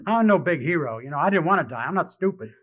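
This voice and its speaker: Wry, halting man on a dull archival recording. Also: a little high, lively intonation, a bit bright. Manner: wry and self-mocking, turning halting and emotional with many restarts. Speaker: speaker sharing his recovery story. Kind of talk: live personal testimony speech. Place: convention hall.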